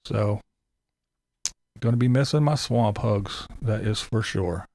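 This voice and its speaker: Gravelly man hosting a casual livestream. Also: fairly low pitch, takes it slowly, pauses often, darkish tone, no echo, studio quality. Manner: greets viewers by name, loose and joking. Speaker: livestream host.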